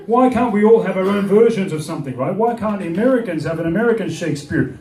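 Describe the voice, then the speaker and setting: Male comic and MC, fairly high voice, playing to a big roaring crowd. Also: expressive. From Australia. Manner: slips into quick comic accents and character voices. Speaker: comedian and MC. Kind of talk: stand-up comedy routine. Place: large event venue with a laughing crowd. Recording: echoey venue recorded from far off.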